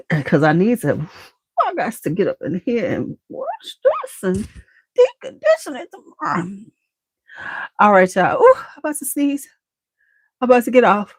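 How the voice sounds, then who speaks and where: A woman's voice: on the high side, no echo. A woman hosting a casual beauty livestream, chatting to her viewers and a bit congested. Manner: chatty, addresses viewers as y'all.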